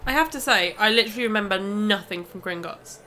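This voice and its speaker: Bright-voiced woman, stuffed up. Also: medium pitch, fast talker. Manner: giggly, scatterbrained, playful. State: congested from hay fever. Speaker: vlog co-host. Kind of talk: casual commentary over vlog footage. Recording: faint background noise.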